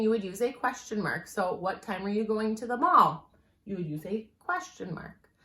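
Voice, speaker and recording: A woman teacher giving a writing lesson, explaining clearly and patiently and slowing down to stress her examples. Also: a little high, a bit bright. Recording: echoey room.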